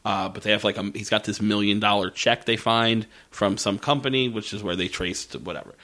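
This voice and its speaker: A man's voice: fairly low pitch, brisk, pushed and bright. A man casually recapping a TV show on a podcast, swearing often and rambling through restarts and fillers. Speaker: podcast co-host.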